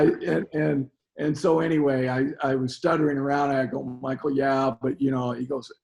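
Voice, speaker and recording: A man's voice: mid-range voice, flat delivery, moderate pace, vocal fry, few pauses, a little mellow. An older man sits as a guest in an interview and tells long stories from his coaching life. He stumbles through them, doubling words and starting sentences over as he goes. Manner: stammering, repeats words and restarts often. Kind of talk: storytelling interview.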